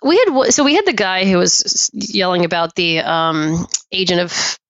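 A woman guest on a podcast, a poll worker, telling anecdotes in a chatty, animated way and laughing often. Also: lowish voice, normal speed, no room sound. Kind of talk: casual podcast storytelling. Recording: dull, dry lo-fi audio.

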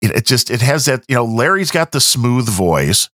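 Playful man with lively intonation, podcast host. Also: mid-range voice, normal speed, no echo, studio quality. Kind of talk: casual podcast chat.

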